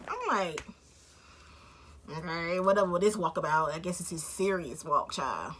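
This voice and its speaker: A woman's voice: on the low side, animated, normal speed, bright, forceful tone, slight background noise. A woman vlogger telling a story in a casual, slangy, profane way, acting out both sides of the conversation.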